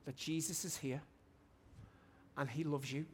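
A man in his forties preaching a testimony sermon in a church hall, fervent and shouting at his high points. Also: steady tone, measured pace, a little hiss or hum.

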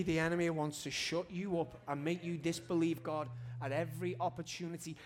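Man, forties, sermon testimony, fervent, rises to shouts, slightly high voice, faint background noise. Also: little pitch movement, fairly quick, few pauses. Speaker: preacher giving testimony. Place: church hall.

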